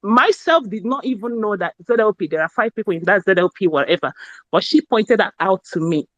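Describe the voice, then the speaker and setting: A woman, talking in an excited, effusive and rambling way during a casual live chat. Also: medium pitch, a little fast, no echo, dull audio. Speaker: speaker in a live audio space.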